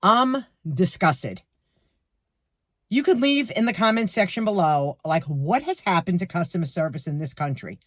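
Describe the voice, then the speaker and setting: Retired New York woman in her sixties, vlog rant, lively pitch, dry sound. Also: moderate pace, no room sound. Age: 60s. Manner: indignant, animated, acts out quotes. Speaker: vlogger. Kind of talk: storytime rant to camera. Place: her garage. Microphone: camera.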